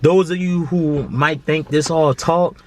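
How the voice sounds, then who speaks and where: A Baltimore man in his 20s, a vlogger, gives a casual, heartfelt monologue to camera. His voice is on the high side and a little slow, with slight background noise. He's earnest and preachy, speaking in slang and repeating himself.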